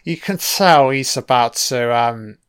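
A man's voice: mid-range voice, takes it slowly, fairly bright tone, clean tone. A young man giving casual, wry film commentary, swearing freely as he reacts to the scenes. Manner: profane, wry running remarks.

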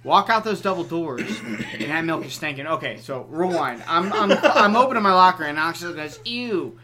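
A young man, a podcast guest, telling a school story in animated, laughing casual chat and swearing freely. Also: on the high side, normal speed, crowd noise.

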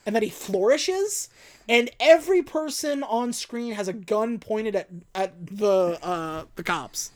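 A woman's voice: mid-range voice, a little slow, few pauses, darkish tone. A woman co-hosting a casual podcast, recapping a movie and acting out its lines in mock voices. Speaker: podcast co-host.

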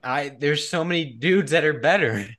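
A man's voice: a little high, expressive, moderate pace, fairly bright tone, a little hiss or hum. Teasing man co-hosting a sports podcast. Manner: teasing, moves the show along. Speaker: co-host. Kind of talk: casual podcast chat.

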